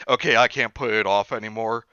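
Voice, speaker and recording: Man host, bright clear voice, dry lo-fi sound. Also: lowish voice, no echo. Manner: animated storyteller, acts out quotes. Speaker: streamer host. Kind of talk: casual storytelling chat.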